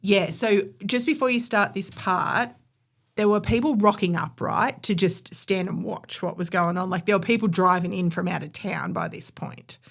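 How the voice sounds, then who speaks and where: A woman's voice: medium pitch, moderate pace, vocal fry. A woman, co-hosting a podcast and telling a history story in a chatty, opinionated way. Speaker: podcast co-host. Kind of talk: casual storytelling chat.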